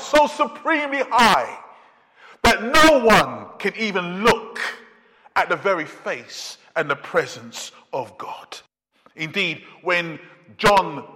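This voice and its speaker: A man preaches with a high, bright voice, driving each point home through repetition and long pauses. He speaks slowly and deliberately. His voice carries the long reverb of a large church sanctuary. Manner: emphatic preaching with slow, drawn-out pauses and repetition. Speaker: pastor. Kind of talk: sermon.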